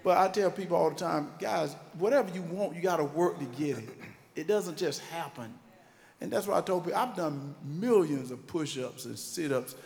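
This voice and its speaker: A man from Georgia, telling emphatic, animated stories in a motivational faith talk. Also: on the high side, normal speed, creaky, big-room sound. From Georgia, USA. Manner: animated, emphatic storytelling with repetition. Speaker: motivational speaker.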